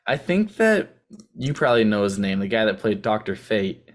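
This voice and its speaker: Young male co-host, lower pitch, relaxed and hesitant, casual movie chat. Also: moderate pace. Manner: easygoing, hesitant, full of likes and ums. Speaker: podcast co-host.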